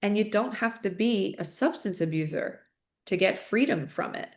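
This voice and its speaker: A woman's voice: mid-range voice, expressive, moderate pace, roomy sound. A woman speaking as a guest in a podcast interview, earnest and candid, often restarting her sentences as she thinks aloud. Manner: repeats words as she restarts thoughts. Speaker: podcast guest, author and coach. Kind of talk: interview conversation.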